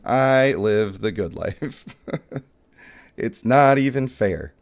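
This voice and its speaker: A man's voice: medium pitch, slow pace. A young man hosting a live mobile game stream, joking and hyping up his pulls for chat. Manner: playful, excitable, joking with chat.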